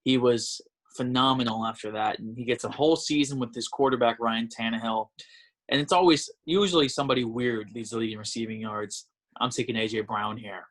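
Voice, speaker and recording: A man's voice: mid-range voice, fairly even intonation, fairly quick, a bit bright. A man hosting a casual sports podcast, making his picks with confident emphasis and reading out listener questions. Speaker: podcast host.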